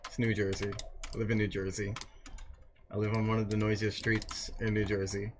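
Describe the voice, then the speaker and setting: A man's voice: fairly low pitch, little pitch movement, moderate pace, background noise. A man streaming from his home, chatting casually with viewers in a playful, teasing, mock-defensive way. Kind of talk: casual livestream chat. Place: home room on a noisy street.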